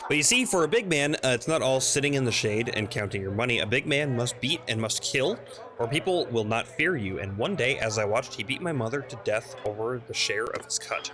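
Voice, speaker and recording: A man's voice: mid-range voice, lively intonation, a little fast, a crowd in the background, close to an everyday voice. A man reading the lines of a male thief character telling his backstory in a plain, dry storytelling voice. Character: male street thief recounting a grim childhood.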